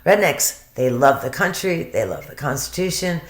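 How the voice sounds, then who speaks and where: Woman, low voice, chatty commentary, emotional, echoey home room. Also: expressive, normal speed. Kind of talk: casual commentary.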